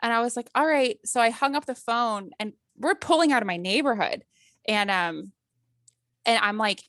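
A woman's voice: a little high, normal speed, fairly bright tone, no room sound, clean studio sound. A woman in her thirties, a podcast guest telling a personal story in casual conversation, acting out quotes and laughing often.

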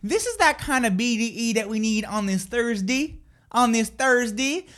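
A woman's voice: fairly high pitch, expressive, moderate pace, a bit bright. A woman hosting a live morning radio show, bantering in a playful, goofy way. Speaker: radio host. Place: radio studio.

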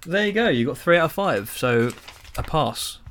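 A man's voice: on the high side, expressive, moderate pace, a bit bright. A man, co-hosting a podcast in crude casual banter, swearing freely and laughing often. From England. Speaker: podcast co-host.

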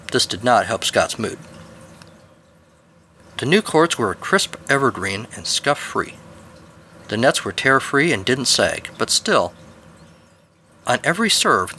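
A man's voice: mid-range voice, pushed and bright, a little hiss or hum. A man hosting a podcast, reading a scripted spooky story and outro with a dry, wry delivery.

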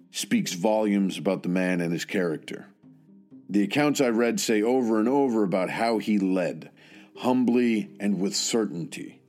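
A man narrating a tribute in an earnest, measured and solemn way, with some hesitant asides. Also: lowish voice, darkish tone. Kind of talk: scripted narration.

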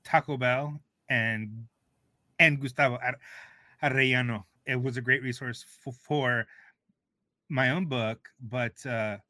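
Slow, deliberate Texan man, bright timbre, halting restarts. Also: mid-range voice, steady tone, dry recording. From Texas. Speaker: guest food writer. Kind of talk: radio panel discussion.

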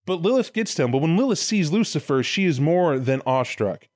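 A man co-hosting a comedy podcast, retelling a myth in an animated, profane, jokey way. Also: fairly high pitch, a little fast, no room sound, clean studio sound. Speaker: podcast co-host, storyteller. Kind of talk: comedic storytelling.

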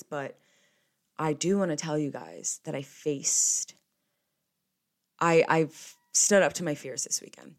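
A young woman, hosting a podcast in a rambling, casual chat full of swearing. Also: sits low. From New Jersey. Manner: chatty and rambling, with frequent swearing. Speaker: podcast host.

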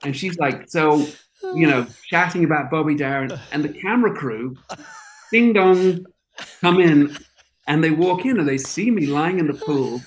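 Male producer guest, casual raconteur, voice a bit on the high side, light background noise. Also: moderate pace. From outside America. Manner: animated, acts out voices in anecdotes. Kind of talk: casual storytelling.

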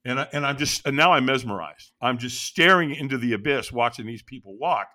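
A man recounts a personal story in an interview, animated and dramatic, leading the listener from turn to turn. His bright voice ranges widely in pitch, and he speaks a little fast.

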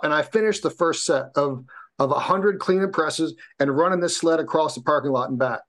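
A man's voice: a little high, normal speed. A man telling a personal story as a podcast guest, swearing freely and acting out what others said. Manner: animated, swears freely, acts out quotes. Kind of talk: casual storytelling.

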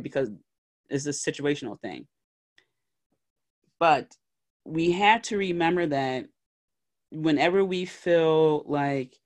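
A woman hosting a solo podcast, giving conversational motivational advice and checking in often with her listeners. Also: sits low. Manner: conversational, checks in often with "okay?" and "all right?"; acts out little scenes with brief put-on voices. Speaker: podcast host and life coach.

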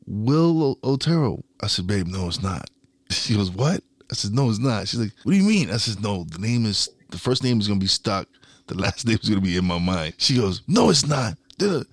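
A man's voice: sits low, fairly bright tone, dry recording, studio quality. A man from Brooklyn, casually telling a story as a podcast host and laughing often as he talks. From Brooklyn, New York. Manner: chuckling anecdotal storyteller. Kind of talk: casual chat.

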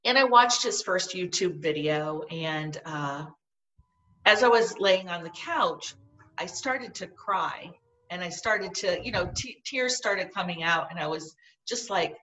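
A middle-aged woman telling a personal story in conversation, earnest and halting, often restarting her sentences. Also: lowish voice, lively intonation, fairly bright tone, recorded from a distance, low-quality recording. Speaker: guest.

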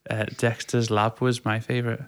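A man's voice: medium pitch, monotone, moderate pace, music in the background. A young man co-hosting a casual podcast, telling stories in a rambling way full of fillers. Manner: rambling storyteller, many fillers like "like" and "um". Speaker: podcast co-host. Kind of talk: casual chat.

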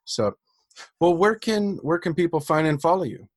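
A man's voice: fairly high pitch, animated, normal speed, no echo. A man hosting a podcast interview, upbeat and casual, with frequent fillers and laughter. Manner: upbeat, hesitant with many fillers, laughs often. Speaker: podcast host.

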